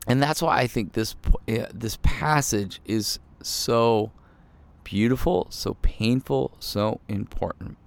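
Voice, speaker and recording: A man's voice: medium pitch, slow pace, creaky. A male pastor giving a casual, conversational sermon, self-deprecating and full of fillers and restarts.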